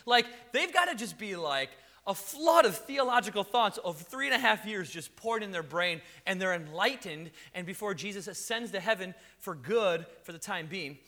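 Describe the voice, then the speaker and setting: A male preacher tells his sermon in an animated, chatty storytelling manner. His voice is high for a man and very bright, and it cuts through the room. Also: moderate pace, hardly any pauses. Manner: animated, conversational storytelling with acted quotes. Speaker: pastor.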